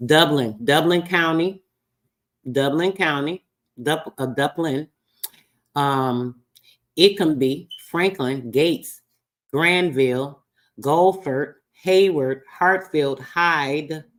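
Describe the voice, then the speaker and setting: A man's voice: fairly high pitch, takes it slowly, a bit bright. A man hosting a casual livestream, talking loosely and swearing as he reads old records aloud. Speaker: livestream host.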